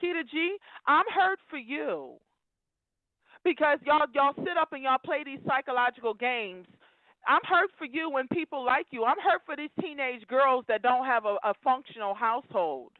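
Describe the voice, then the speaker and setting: A woman's voice comes through a thin, phone-like line, high in pitch and dry with no room sound. She calls in to a live show and lectures listeners in an emphatic, preachy way. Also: normal speed, no room sound. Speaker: call-in caller. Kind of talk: live call-in rant.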